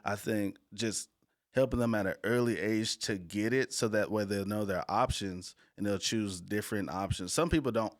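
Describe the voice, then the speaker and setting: A man's voice: lowish voice, normal speed, dry recording, clean studio sound. A man speaking as a podcast guest about mentoring youth, earnest and building his points by repeating himself. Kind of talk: casual conversation.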